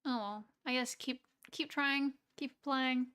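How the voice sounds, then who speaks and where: A woman's voice: high voice, fairly even intonation, takes it slowly, pushed and bright, smooth. A woman with an Australian accent, chatting casually on a live stream in a rambling way, often laughing and trailing off. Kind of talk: casual chat with a live audience.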